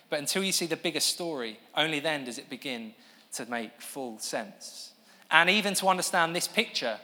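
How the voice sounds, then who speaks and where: A man's voice: fairly high pitch, pushed and bright. Man preaching in a reverberant hall. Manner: earnest, explanatory, with restarts and asides to the audience. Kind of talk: sermon. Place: church hall with an audience.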